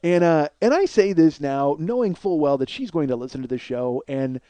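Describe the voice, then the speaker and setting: A man's voice: on the high side, animated, moderate pace, dark tone, clean tone, no echo. A man telling a rambling, profane, self-deprecating comedic story as a podcast host.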